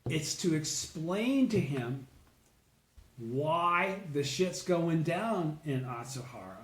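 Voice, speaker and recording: A man leading a casual group study session, explaining a text and checking understanding with "okay?" and "right?". He sounds congested and keeps clearing his throat. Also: on the high side, very animated, slow pace, fairly bright tone, roomy sound.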